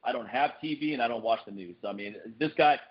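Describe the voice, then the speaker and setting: A man hosting a podcast in casual chat, animated, his voice jumping up high whenever he quotes someone. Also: fast. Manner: animated, jumps up in pitch when quoting people. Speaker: podcast host. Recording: dull lo-fi podcast recording.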